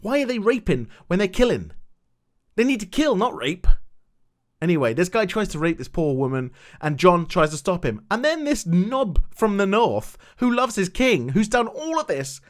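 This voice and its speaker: A man giving a rambling, animated review of a TV episode, repeating himself when indignant. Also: high voice, normal speed. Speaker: show reviewer.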